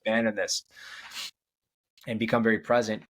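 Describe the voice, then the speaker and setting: A man's voice: fairly low pitch, flat delivery, moderate pace, a bit bright. A man, a podcast guest, telling long stories in casual interview talk, rambling and restarting, often checking in with "right?". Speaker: podcast guest, change coach.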